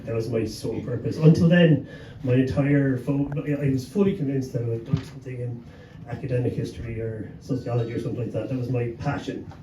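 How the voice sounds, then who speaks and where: An Irish gig promoter on a live panel in a pub venue tells an anecdote to an audience, swearing freely and chuckling as he goes. His mid-range voice is steady and brisk with few pauses, picked up by a distant mic in an echoey room with background hum.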